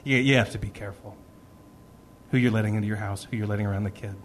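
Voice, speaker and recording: A man's voice: lowish voice, quick pace, a little hiss or hum. A man reading a personal story to a live audience, acting out the voices he quotes. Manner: animated, acts out quoted voices.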